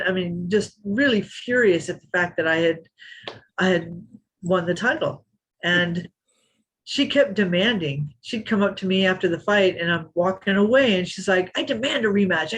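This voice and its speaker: Brief: husky woman in her fifties, lively storyteller acting out the quotes. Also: fairly low pitch, low-quality recording. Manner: animated, acts out quotes. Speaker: interview guest, former kickboxing champion. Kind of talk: storytelling in a podcast interview.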